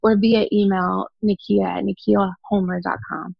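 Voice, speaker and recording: A woman's voice: mid-range voice, little pitch movement, moderate pace, vocal fry, breathy edge, dry recording, muffled recording. A woman, a life coach, talking frankly and laughing often as a guest in an interview. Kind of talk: casual interview conversation.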